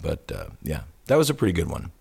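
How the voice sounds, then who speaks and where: A man's voice: low-pitched, quick pace, creaky, slightly rough. A man on a podcast, telling stories in casual chat and acting out the people he quotes. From Kansas City area. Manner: animated, acts out quotes loudly. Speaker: podcast guest.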